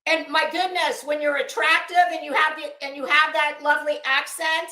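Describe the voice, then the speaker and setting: A woman's voice: high voice, level tone, moderate pace, few pauses, bright, forceful tone, echoey room. A woman giving a sassy, exasperated commentary rant to her online audience, drawing out words for emphasis. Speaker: YouTube commentary host.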